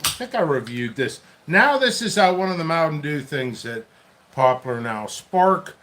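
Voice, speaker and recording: A man's voice: a little high, big pitch swings, unhurried, background noise. A man hosting a casual solo vlog, rambling and chatting to himself as he works in a basement. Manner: rambling, chatty, talks to himself while working. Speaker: pepper seed seller and channel host.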